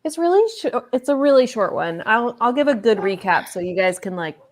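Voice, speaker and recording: A woman co-hosting a book club, upbeat and gently supportive in casual chat. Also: a little high, expressive, brisk.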